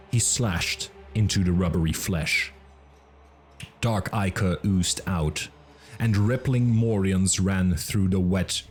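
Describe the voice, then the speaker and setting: A man narrating a fantasy audiobook in a measured, dramatic reading. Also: sits low. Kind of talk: scripted narration.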